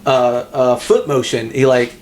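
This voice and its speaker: A laid-back man co-hosting a movie podcast, mostly backing his partner with quick yeahs and yeps. Now and then he drops in a crude joke of his own. His voice sits at an ordinary middle pitch. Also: animated, darkish tone, a little hiss or hum. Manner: laid-back, mostly short agreeing replies and crude jokes. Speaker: podcast co-host. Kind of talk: casual movie recap chat.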